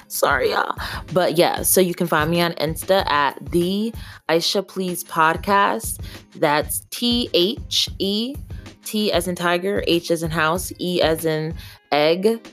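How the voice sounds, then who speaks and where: A woman's voice: on the low side, slow, fairly bright tone, faint music behind. A young woman hosting her own podcast, talking earnestly and emotionally in a candid, profane solo monologue. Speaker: podcast host.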